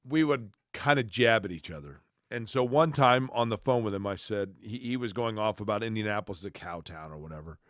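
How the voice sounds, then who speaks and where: Lower-voiced male co-host with playful anecdotes. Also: a little fast, few pauses, dry recording, clean studio sound. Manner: animated anecdotes, playful questions. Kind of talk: casual sports talk show chat.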